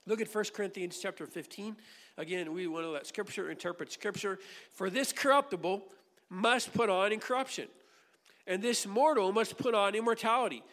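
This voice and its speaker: A man with a high voice preaches a sermon, earnest and given to repeating himself as he reads and explains scripture. His words ring with a long reverb, as in a church hall. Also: normal speed, fairly bright tone. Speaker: pastor.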